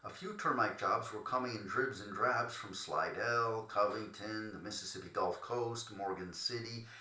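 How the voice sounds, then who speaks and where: A man's voice: on the low side, moderate pace, sharp tone, reverberant, low-quality recording. A man reading his memoir aloud in a loose, chatty way, stopping to joke and fumble between passages. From Cleveland, Ohio. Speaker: termite treatment contractor telling his story.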